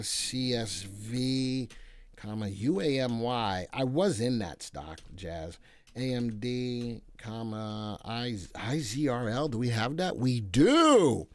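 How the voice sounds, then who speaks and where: Between bits of chart talk on a casual stock market livestream, a man chats playfully with viewers and reads out their comments. His voice is fairly low and clean, and he's quite talkative.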